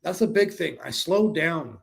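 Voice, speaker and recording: Casual gravelly-voiced man coaching. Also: a little high, lively intonation, a little slow. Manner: conversational, answers viewer questions, acts out sales calls. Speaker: co-host of a real estate sales livestream.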